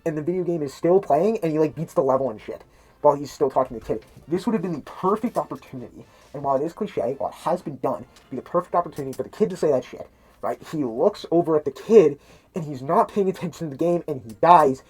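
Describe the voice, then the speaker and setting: There's a husky, slightly mellow quality to this man's highish voice, and he talks quickly and with animation. Speaking through a mask into a cheap mic, he sounds a bit muffled while delivering a rambling, profane movie review full of restarts, swearing and laughter.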